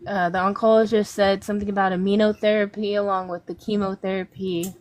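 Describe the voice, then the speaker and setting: A woman's voice: medium pitch, flat delivery, fairly quick. A woman guest on an interview show, telling a painful personal story in a rambling, emotional way. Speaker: guest artist. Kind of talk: casual interview talk.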